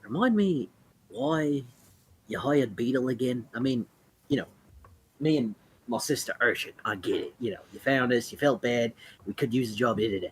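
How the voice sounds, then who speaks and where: A man voicing a male sea elf pirate who quietly grumbles to his captain, rambling and confiding. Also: medium pitch, lively intonation, normal speed, husky.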